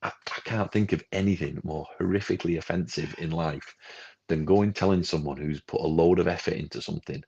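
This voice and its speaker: Deep gravelly man. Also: fairly quick. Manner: animated, ranting, acts out quoted people. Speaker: film club co-host. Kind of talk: casual podcast chat. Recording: dull lo-fi livestream audio.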